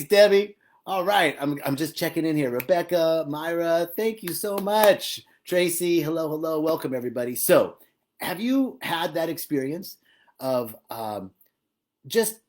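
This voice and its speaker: A man giving a live-streamed spiritual talk, animated and emphatic, often laughing as he speaks. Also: on the high side. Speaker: spiritual teacher.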